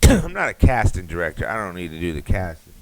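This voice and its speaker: Deep-voiced man ranting crudely. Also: sing-song, fast, darkish tone, rough recording. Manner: rambling, profane, riffing. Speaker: podcast host. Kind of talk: crude comedic podcast rant.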